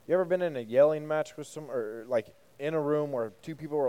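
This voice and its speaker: Mellow-voiced man teaching a youth group. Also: a little high, quick pace, smooth. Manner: conversational, asks the group questions, joking asides. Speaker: youth pastor. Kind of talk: casual youth sermon.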